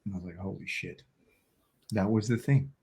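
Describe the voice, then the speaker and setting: A man's voice: sits low, normal speed, creaky, a little mellow. An Australian man telling a personal story as an interview guest, vivid and intense, acting out quotes.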